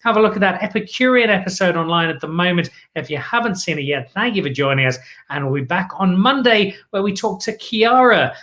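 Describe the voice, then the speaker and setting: A man's voice: on the high side, pushed and bright. A man from Zimbabwe hosting a wine show, wrapping up with viewer comments and an enthusiastic sign-off that repeats words for emphasis. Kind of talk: live show wrap-up and sign-off.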